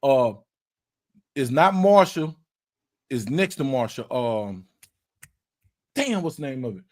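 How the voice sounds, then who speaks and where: A man, hosting a casual podcast and telling an animated story, repeating words and swearing as he acts out quotes. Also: medium pitch, slow pace. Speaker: podcast host.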